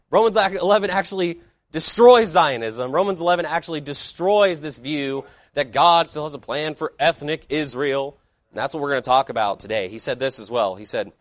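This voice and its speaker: A pastor delivering a sermon to his congregation in an emphatic preaching manner, posing rhetorical questions and swinging between loud declarations and quiet asides. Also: mid-range voice, expressive, fairly quick, no echo.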